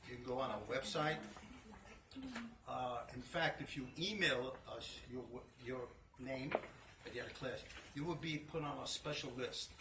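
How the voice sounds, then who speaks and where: A man's voice: mid-range voice, measured pace. Man running a fabric class in his shop, storytelling, heard from across a roomy space. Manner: chatty storytelling, repeats himself. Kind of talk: informal hands-on demonstration. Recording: roomy, distant mic, noisy shop.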